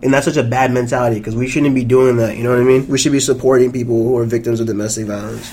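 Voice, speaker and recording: A man's voice: medium pitch, fairly even intonation, very fast, mellow, a little hiss or hum. A young man in his twenties chatting casually, full of fillers and boastful trash talk. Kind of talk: casual chat.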